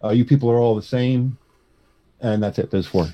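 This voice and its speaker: A man's voice: medium pitch, moderate pace, dry recording, muffled recording. A man in a casual group chat, rambling and listing things off.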